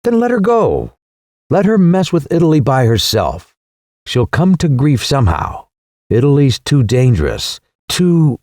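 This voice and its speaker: A man's voice: wildly swooping pitch, a little slow, warm tone, dry recording, studio quality. A male narrator playing an agitated, sardonic young Englishman in an audiobook reading. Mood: heated. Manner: exclaiming, high-strung.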